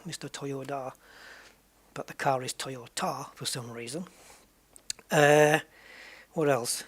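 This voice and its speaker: A man talks his way through a racing game in loose, casual commentary. He muses aloud, drifts between thoughts and stops to correct himself, like a gaming host chatting to his viewers. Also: fairly high pitch. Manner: rambling, musing and self-correcting.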